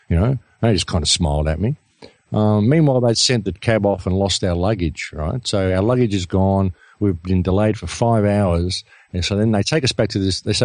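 A man's voice: lowish voice, moderate pace, darkish tone, dry recording. An Australian man, a radio guest, telling a long story in a casual, rambling way with many fillers.

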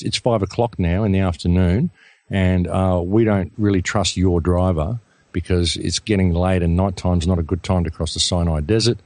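Deep-voiced Australian man telling a story. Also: dry recording. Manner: rambling, animated retelling with many fillers. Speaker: radio guest. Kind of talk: casual storytelling.

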